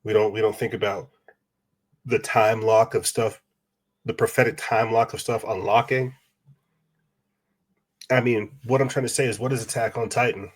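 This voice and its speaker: A man's voice: lowish voice, fairly even intonation, normal speed, long pauses. A man hosting a podcast, talking in a rambling casual monologue with restarts and rhetorical questions. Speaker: podcast host.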